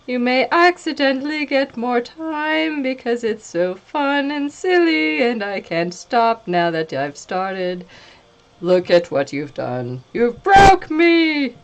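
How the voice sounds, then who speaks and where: A woman's voice: fairly high pitch, takes it slowly. A woman streaming live while painting, chatting casually, laughing often and breaking into silly singing.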